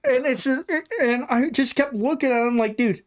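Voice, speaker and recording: A woman's voice: high voice, normal speed. A woman co-hosting a podcast, ranting bluntly about a customer in casual chat, swearing freely. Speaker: podcast co-host.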